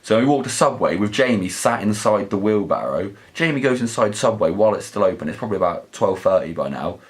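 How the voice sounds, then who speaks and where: A man's voice: fairly low pitch, lively intonation, fairly quick. A young man, telling crude, sweary, rambling stories in a casual vlog. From southern England. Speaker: vlog host. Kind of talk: casual anecdotal storytelling.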